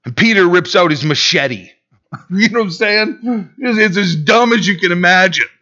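A male pastor preaching a sermon, swinging between loud and hushed delivery and acting out quotes. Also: high-pitched, expressive, normal speed, dull audio.

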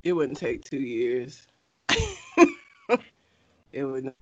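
A woman's voice: extremely low pitch, extremely slow, dry recording. A woman in casual conversation, telling stories with lots of laughter and animation. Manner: animated storyteller, laughs often. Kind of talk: casual chat. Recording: dull lo-fi sound, dry.

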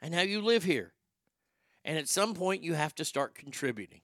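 Crude ranting man with a bright voice. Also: fairly high pitch, lively intonation, moderate pace, no room sound, studio quality. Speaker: vlog host. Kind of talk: opinionated rant monologue.

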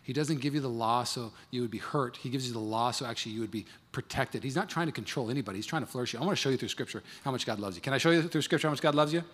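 Speaking rapid-fire at a medium pitch with hardly any pauses, a pastor in his thirties preaches in a large church hall. He dramatizes a marriage story from both sides, and long hall reverb colors the recording.

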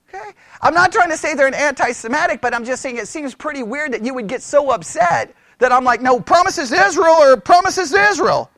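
A Bible teacher giving a conversational sermon, animated and exasperated, who mocks his opponents in raised voices. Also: high-pitched, fairly quick, no echo, clean studio sound.

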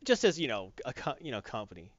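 Animated man, lively pitch, dull sound. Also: fast, no room sound. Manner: animated, acts out movie quotes in voices. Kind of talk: casual chat, movie review.

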